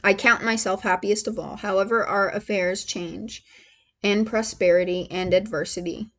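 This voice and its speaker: A woman reads aloud softly in a whispered role-play ASMR style. She goes at a very unhurried pace, pausing often. When a name trips her up, she spells it out letter by letter. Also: mid-range voice. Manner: slow halting reading, spells out hard words letter by letter; gets emotional and laughs between passages. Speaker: ASMR host reading aloud.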